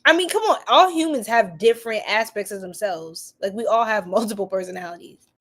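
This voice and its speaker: A woman's voice: mid-range voice, expressive, a little fast, a bit bright. A woman with a New York accent, hosting a tarot reading livestream and chatting casually with viewers in a goofy, giggly way. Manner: goofy and giggly, laughs often. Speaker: tarot reader host.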